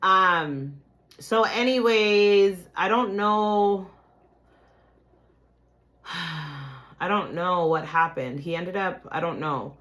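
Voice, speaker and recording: Animated, profane woman telling a story. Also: fairly low pitch, very slow, long pauses. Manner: profane, animated, addresses listeners as "you guys". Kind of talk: casual personal storytelling.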